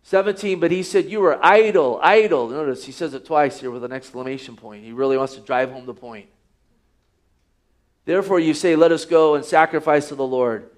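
A man's voice: mid-range voice, fairly quick. A man preaching a sermon, reading scripture aloud and asking the listeners rhetorical questions. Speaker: pastor.

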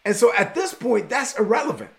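A man preaching a conversational sermon with a folksy, animated delivery. His voice sits high and has a gravelly edge. He speaks straight to his listeners. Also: a little fast.

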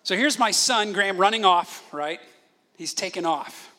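A man in his thirties preaches with a high, ringing voice. His sermon is animated and full of storytelling, and he briefly acts out other people's voices as he goes. He sounds bright and forward. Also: normal speed. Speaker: pastor.

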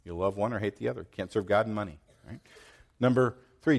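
A middle-aged man preaching a sermon, telling stories with lively swings between loud outbursts and quiet asides. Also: on the low side, moderate pace, gravelly, long pauses. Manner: animated storytelling, acts out quoted voices, swings loud and soft. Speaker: pastor.

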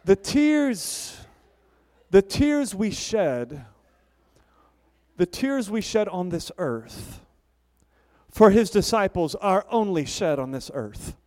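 A high-pitched, smooth-voiced man preaches a sermon with deliberate, unhurried delivery. His voice rises to loud declarations and drops to hushed storytelling. It rings out in a large hall with a long reverb. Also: sing-song. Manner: impassioned preaching with dramatic swings in volume. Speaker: pastor.

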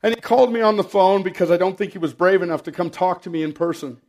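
A middle-aged man preaching a sermon, telling personal stories with dry humor and often clearing his throat. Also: high voice, fairly even intonation, quick pace, darkish tone. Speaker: pastor.

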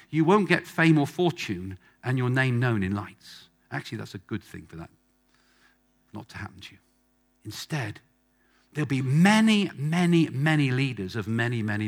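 A man's voice: mid-range voice, sing-song, normal speed. A man preaching a sermon to a congregation in front of him, emphatic and fond of repeating phrases for effect. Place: church hall with a live congregation.

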